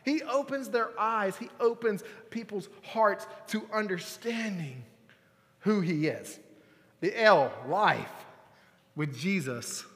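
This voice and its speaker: High-voiced man preaching in a big hall. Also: slow pace. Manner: playful, talks to the room, bursts of excitement. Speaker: youth pastor. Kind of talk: lively sermon to a young crowd. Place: large church hall.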